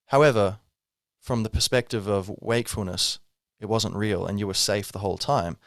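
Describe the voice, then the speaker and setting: A man's voice: fairly low pitch, moderate pace, no echo, studio quality. A man hosting a podcast, musing in a casual, rambling way with wry asides. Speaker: podcast host. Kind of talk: reflective spiritual monologue.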